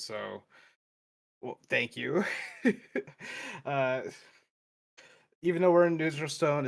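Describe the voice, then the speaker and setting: A man with a gravelly, mid-pitched voice chats casually as an esports caster. His delivery is dry and joking. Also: fairly bright tone. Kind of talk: casual stream chat.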